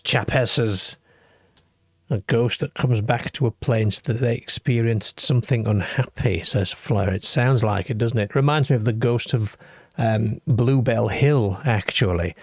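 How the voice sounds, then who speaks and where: A man from the UK hosts a late-night call-in radio show. His voice sits low, with a gravelly, husky grain. He talks in a chatty way and reads listener comments aloud, recorded dry and close to the mic. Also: dry recording. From United Kingdom.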